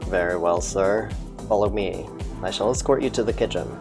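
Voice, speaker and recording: A man's voice: deep voice, moderate pace, music in the background, pitched below the performer's own voice. A man voicing a formal, overly polite male butler in a game. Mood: prim.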